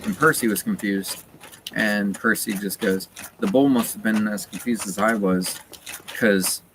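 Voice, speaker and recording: A man's voice: lowish voice, measured pace. A man streaming a game in casual chat, retelling a story in a rambling way with many fillers. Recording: loud steady background noise.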